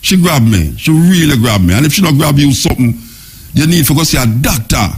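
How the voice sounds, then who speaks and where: A middle-aged man with a Jamaican accent, hosting a radio show in casual, excited patois talk. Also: fairly high pitch, a little fast, slightly rough. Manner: excited, laughing, patois chatter. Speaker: radio host. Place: radio studio.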